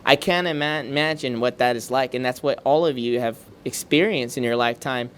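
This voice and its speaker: A man speaking to a community gathering, telling a story in an animated way, with laughs and repeated words between lines. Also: medium pitch, fairly quick, clear, resonant tone. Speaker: guest speaker at a community meet and greet. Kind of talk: storytelling speech to a crowd. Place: community event hall.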